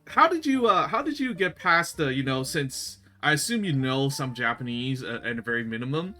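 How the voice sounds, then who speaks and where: A man's voice: medium pitch, big pitch swings, normal speed, bright, forceful tone, faint music behind. A man hosting a casual chat show, laughing often and talking with lots of hesitant fillers. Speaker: host.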